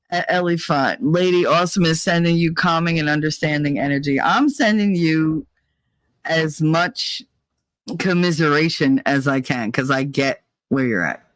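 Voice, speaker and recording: A woman's voice: low voice, takes it slowly, pauses often, dry recording. A woman hosting a casual livestream, chatting and reading viewer comments aloud, laughing often. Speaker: livestream host.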